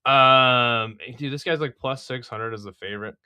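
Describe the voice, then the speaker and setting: A man's voice: medium pitch, normal speed, bright, forceful tone, smooth, dry recording. A young man giving a casual, blunt and profane breakdown of a fight card, sounding exasperated and mocking. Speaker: MMA fight card previewer.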